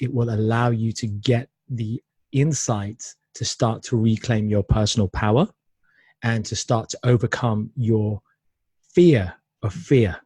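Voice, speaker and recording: Brief: male interview host, husky, dry close sound, warm affirming chatter. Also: lowish voice, dry recording. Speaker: podcast host. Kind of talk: casual interview chat.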